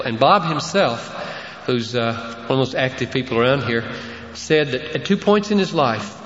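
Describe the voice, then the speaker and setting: A man's voice: fairly bright tone, a little hiss or hum. A man preaching a sermon as a pastor, building to impassioned emphasis. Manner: impassioned, rising in pitch and force for emphasis. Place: church sanctuary. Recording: dull, roomy reverberant church recording.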